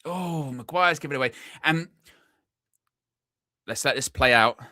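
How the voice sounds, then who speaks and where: A young man hosting a live football watchalong, chatty and excitable, shouting when his team scores. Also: mid-range voice, measured pace, no room sound, studio quality. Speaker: fan watchalong host.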